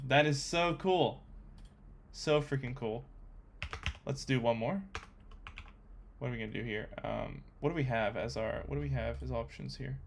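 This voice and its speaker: A young man talking to himself while coding, thinking aloud with excitable, chatty commentary. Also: medium pitch, normal speed, vocal fry, pauses often. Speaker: coding vlogger. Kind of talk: casual screen-recorded coding commentary.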